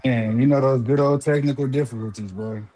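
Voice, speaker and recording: A man's voice: medium pitch, steady tone, brisk, mellow. Laid-back male guest calling in from a barbecue. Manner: laid-back, friendly, calls people brother. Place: outdoors at a barbecue pit.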